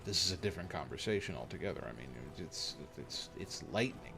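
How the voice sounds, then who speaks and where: A man commentating casually while live-streaming a game, playful and rambling, with sudden excited yelps. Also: low voice, brisk, creaky, hardly any pauses.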